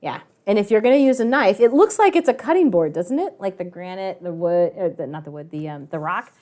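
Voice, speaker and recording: A woman teacher telling a lively story to her online class, chatty and animated, with frequent laughing asides, over a video call. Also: mid-range voice, fairly quick. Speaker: math and science teacher.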